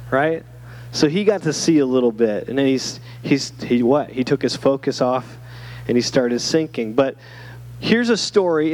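A man preaching from the pulpit as a church pastor, his voice sitting a little high for a man. He keeps the sermon conversational, tossing rhetorical questions to the congregation as he goes. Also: a little mellow. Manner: conversational preaching with many rhetorical "right?" checks.

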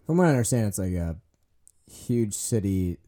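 Dark-voiced chatty male podcast host. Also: fairly low pitch, moderate pace. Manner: animated storyteller, heavy on "like"; acts out quoted voices and laughs often. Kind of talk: casual podcast chat.

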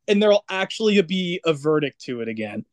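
A man's voice: on the high side, big pitch swings, fairly quick, no echo. A young man co-hosting a podcast, chatting casually about football and often restarting his sentences while weighing a point. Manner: hesitant, restarts phrases, agreeable. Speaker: podcast co-host. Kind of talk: casual sports chat.

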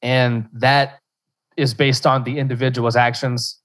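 A young man talking in a loose, unscripted way, stopping and restarting often as he hunts for the right phrasing. His voice sits at an everyday middle pitch. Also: flat delivery, a bit bright. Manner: halting, searching for words, many restarts. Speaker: podcast host as guest. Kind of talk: casual interview answer.

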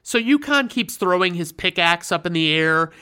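A host giving casual, sarcastic commentary while retelling an old holiday special, swearing freely and dropping deadpan asides. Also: medium pitch, moderate pace, smooth. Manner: sarcastic and profane.

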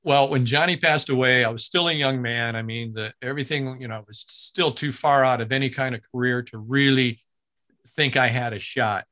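A man from Ohio, a guest who works as a voice announcer, telling a story with lively energy and acting out other people's lines. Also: medium pitch, normal speed. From Ohio, USA. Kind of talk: animated storytelling in casual chat.

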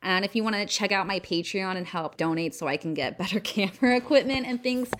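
A woman's voice: medium pitch, brisk. A young woman hosting a casual solo podcast, chatty and self-deprecating, laughing often and swearing freely. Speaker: podcast host.

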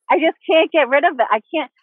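A woman's voice: sits high, normal speed, very noisy. Bubbly woman host on a tinny phone line. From Pennsylvania, USA. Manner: bubbly, laughs often, says "like" a lot. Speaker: podcast host. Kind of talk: casual interview chat.

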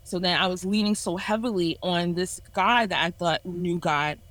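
A woman's voice: on the low side, moderate pace, fairly bright tone, poor audio. A woman in her twenties sharing a candid personal testimony on a podcast in an earnest, self-reflective way. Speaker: ministry leader sharing a testimony.

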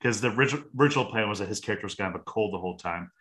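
A man co-hosting a podcast in casual chat about a film. His low voice has a bright, forceful edge, and he gets excitable, swearing and laughing often. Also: very fast. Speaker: podcast co-host.

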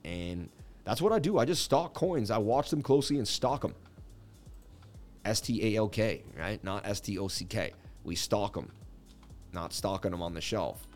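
A man's voice: fairly low pitch, animated, normal speed, soft background music. A man hosting a casual livestream, joking and chatting while he reads viewer comments and walks through charts. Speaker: crypto livestream host.

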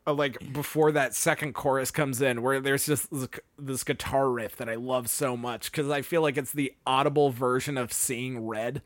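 A young man co-hosting a casual podcast, rambling and animated as he describes songs. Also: normal speed, few pauses, dry recording. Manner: rambling, animated, acts out lyrics in a high voice. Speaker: podcast co-host. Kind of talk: casual chat.

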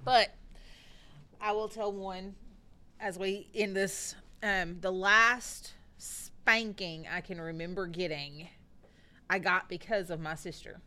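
Slow-talking bright woman. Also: medium pitch, fairly even intonation. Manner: slow, deliberate storytelling with emphatic repetition. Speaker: podcast co-host. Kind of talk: casual storytelling chat.

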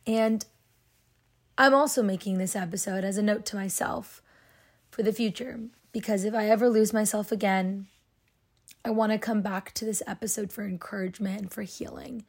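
A woman's voice: mid-range voice, fairly even intonation, normal speed. Earnest young woman podcaster, rambling. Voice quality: sensitive voice. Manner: earnest, rambling, heavy use of "like". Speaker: podcast host. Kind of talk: casual solo podcast talk.

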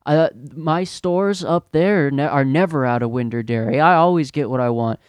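A man voicing an entitled rich middle-aged man in a suit who yells in a high, loud voice. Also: moderate pace, clear, resonant tone, dry recording, natural voice. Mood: ranting. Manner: yelling, high-pitched and loud.

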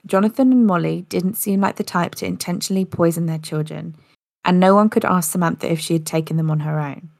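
A woman's voice: lowish voice, fairly quick, vocal fry, darkish tone, dry recording, studio quality. A woman narrating a story in a casual podcast style, with occasional slips and restarts.

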